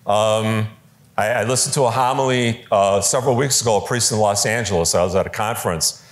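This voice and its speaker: A man giving a conversational talk on preaching to a live audience, lively, with fillers and quoted voices, in a large room. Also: on the low side, brisk. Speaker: speaker teaching preachers.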